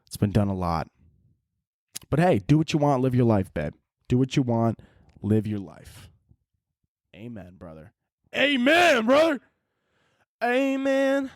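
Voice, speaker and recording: A man's voice: lowish voice, animated, moderate pace, long pauses, warm tone, no room sound, studio quality. A man hosting a solo podcast, rambling through listener questions with crude, self-mocking jokes. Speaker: podcast host.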